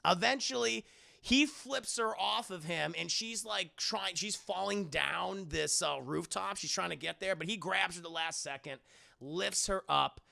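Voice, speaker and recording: A man streaming a casual movie recap to his live chat, animated, swearing and laughing as he tells it. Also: sits high, unhurried, creaky, no echo, clean studio sound.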